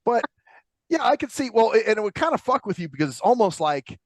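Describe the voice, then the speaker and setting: A man's voice: high voice, big pitch swings, fast talker, no echo. A man co-hosting a podcast, chatting in a rambling, laid-back, profane way. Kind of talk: casual chat.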